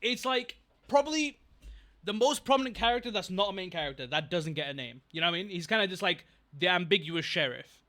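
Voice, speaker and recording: A man's voice: sits high, lively intonation, fairly quick, bright, forceful tone. A young man chatting casually on a livestream, rambling, getting distracted and thanking viewers from chat. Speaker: streamer.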